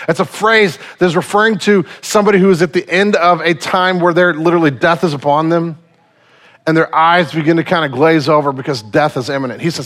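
Male pastor, conversational sermon delivery, earnest, slightly high pitch. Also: fairly quick, a bit bright. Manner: conversational, earnest, with frequent fillers. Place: church sanctuary.

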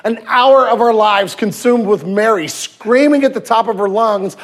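A man in his thirties, a pastor preaching a sermon with lively storytelling, swinging from loud emphasis to hushed tenderness. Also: sits high, fairly quick, few pauses. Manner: acts out quoted voices and anecdotes.

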